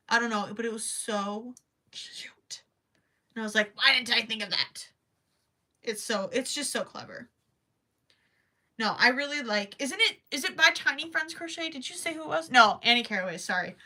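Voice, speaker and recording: A woman's voice: fairly high pitch, bright, forceful tone. A young woman hosting a casual crochet livestream, chatting with viewers, reading their comments aloud and trailing off now and then to count stitches.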